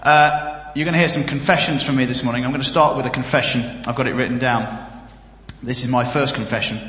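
Jokey Northern English preacher, bright and echoey. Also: male voice, medium pitch, a little fast. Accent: generic Northern English. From Northern England. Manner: jokey, storytelling, lively asides. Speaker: guest preacher and comedian. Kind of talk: comic sermon. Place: church.

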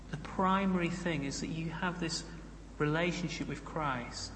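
A man's voice: on the high side, fairly even intonation, moderate pace, hardly any pauses, a bit bright, slight background noise. A man preaching a sermon in a conversational way, with humorous asides. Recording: echoey hall, roomy reverb.

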